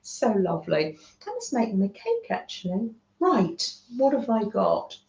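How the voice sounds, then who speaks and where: A woman's voice: fairly high pitch, huge pitch swings, slow. A middle-aged woman from the UK hosting a craft livestream, gushing and chatting with her viewers. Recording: roomy, dull lo-fi home stream audio.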